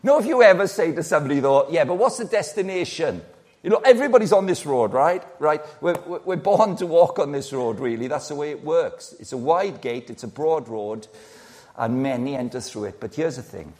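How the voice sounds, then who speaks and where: A man, preaching a sermon in a lively, conversational way, full of rhetorical questions and playful asides. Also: fairly high pitch, fairly quick. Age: 60s.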